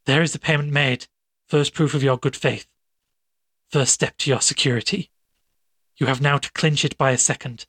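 A domineering doctor talks an accomplice round in a persuasive, coaxing tone, as a man reads him. His voice is mid-pitched and husky, recorded dry. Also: steady tone, normal speed, pauses often, sharp tone, no echo. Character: smooth, domineering male doctor.

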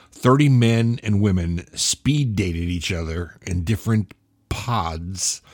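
A man hosting his own show, giving sardonic, deliberate recommendations with the odd laugh. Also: low-pitched, darkish tone, no echo, clean studio sound. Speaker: podcast host. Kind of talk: casual comedic monologue.

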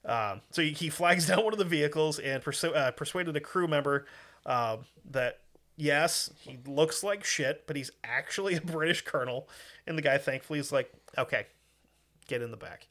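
A man's voice: fairly high pitch, normal speed, a bit bright. A man from the United States telling a history story in a casual, profane, joking way with lots of fillers. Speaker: podcast host.

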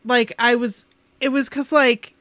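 A woman's voice: a little high, fairly even intonation, measured pace, fairly bright tone, no echo. Casual podcast co-host, woman in her forties, playful storyteller, dry close sound. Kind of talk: casual chat among friends.

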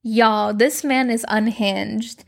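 A young adult woman casually recapping a TV series, chatty and expressive, with lots of "like". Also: fairly high pitch, slow, gravelly.

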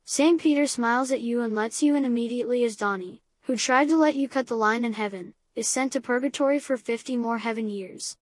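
Brief: woman narrator, fairly high voice, flat matter-of-fact comic read, dry studio sound. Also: fairly quick, hardly any pauses, dry recording. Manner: calm matter-of-fact delivery of absurd advice. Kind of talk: scripted deadpan comedy narration.

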